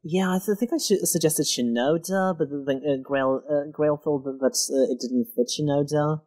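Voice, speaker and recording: A podcast host interviews a guest in a casual conversation. The host speaks in a mid-range voice and hesitates often, filling gaps with pauses while forming questions. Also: medium pitch, a little mellow, rough recording.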